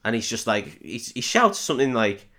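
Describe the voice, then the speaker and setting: A man recapping a film on a comedy podcast, at a mid pitch. He rambles, laughs as he goes, swears, and breaks into silly voices for the characters. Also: very animated, normal speed, sharp tone. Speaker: podcast host.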